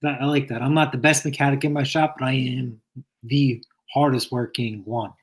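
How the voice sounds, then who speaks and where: A man's voice: medium pitch, steady tone, normal speed. A man who works as a mechanic, chatting in an easygoing, agreeable way on a live stream. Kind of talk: casual chat.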